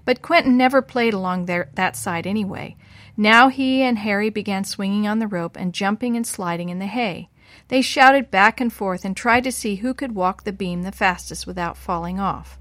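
A female storyteller reads a scripted children's storybook, giving the boys' lines lively voices. Her medium-pitched voice moves at a normal speed, recorded close and dry with no echo.

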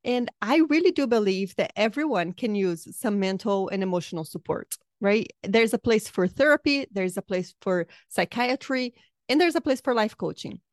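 A woman's voice: mid-range voice, expressive, normal speed, no echo. Effusive, upbeat woman podcaster with a dry sound. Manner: effusive and upbeat, chatty with frequent asides. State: slightly sore throat. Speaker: life coach and podcast host. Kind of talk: casual podcast monologue.

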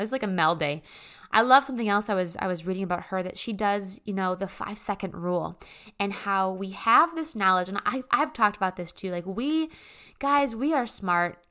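A woman's voice: medium pitch, a bit bright. Woman, self-help host, bubbly, chatty, casual motivational monologue, fillers and asides to listeners.

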